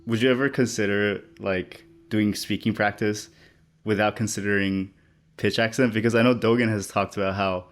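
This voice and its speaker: A man's voice: on the low side, steady tone, normal speed. A man hosting a podcast, asking questions casually with lots of fillers. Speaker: podcast host.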